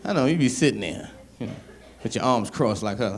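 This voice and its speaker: A man from Brooklyn doing a stand-up comedy set in a club, telling stories and acting out bits with shouts. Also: medium pitch, a little fast, heavy background noise. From Brooklyn, New York. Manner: animated storytelling, shouts and acts out bits.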